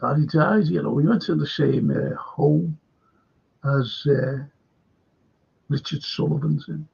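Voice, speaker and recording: A man's voice: on the high side, expressive, takes it slowly, vocal fry, a little mellow, breathy edge. An older man with a Liverpool accent, chatting casually as a show host and rambling through sweary anecdotes. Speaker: podcast host. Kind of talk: casual chat. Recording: dull lo-fi recording.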